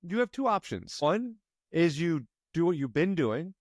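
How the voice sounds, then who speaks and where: Animated, high-voiced male coach. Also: no echo, studio quality. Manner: energetic and emphatic, shifting to slow guided-breathing calm. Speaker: life coach. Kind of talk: coaching session.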